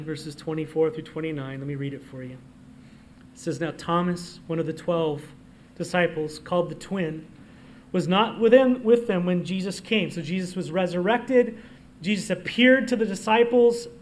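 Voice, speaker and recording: A pastor with a somewhat high voice delivers a sermon, reading scripture aloud. He shifts between quiet asides and loud, emphatic declarations.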